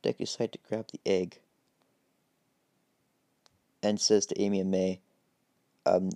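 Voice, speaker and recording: A man's voice: low-pitched, level tone, measured pace, creaky, long pauses, mellow, no room sound. A man improvising a game story as narration, rambling and hesitant with many fillers.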